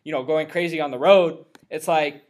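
Rambling man hosting a podcast, fairly high voice. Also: normal speed. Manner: loose, rambling, animated storytelling. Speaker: podcast host. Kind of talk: casual podcast conversation.

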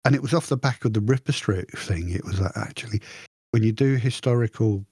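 A man co-hosting a podcast, chatting in a rambling, animated way with frequent restarts. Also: lowish voice, a little fast, breathy edge, dry recording, clean studio sound. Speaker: podcast co-host. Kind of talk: casual chat.

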